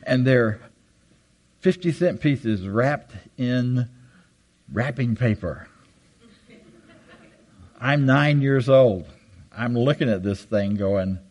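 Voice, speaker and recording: An older man giving an animated, self-deprecating storytelling talk to a live audience on a handheld mic. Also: takes it slowly, long pauses, low-quality recording. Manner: animated, jumps high for quoted voices. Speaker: guest speaker. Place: hall with audience. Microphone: handheld microphone.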